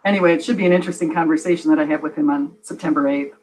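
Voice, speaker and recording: A woman's voice: low voice, steady tone, rapid-fire, darkish tone, a little hiss or hum, rough recording. A woman on a casual chat as a guest, rambling and laughing often. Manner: giggly, rambling.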